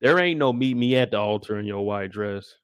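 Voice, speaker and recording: A young man giving a casual live recap of a TV episode, talking in animated, slangy, profane banter. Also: fairly low pitch, a little fast, clean tone, no echo, dull audio. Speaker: show recap host.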